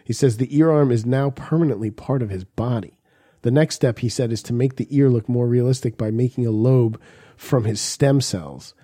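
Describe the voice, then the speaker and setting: A man's voice: medium pitch, normal speed, mellow. A man co-hosting a crude, casual podcast, reading an article aloud and joking around. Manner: jokey, drops into silly put-on voices. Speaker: podcast co-host.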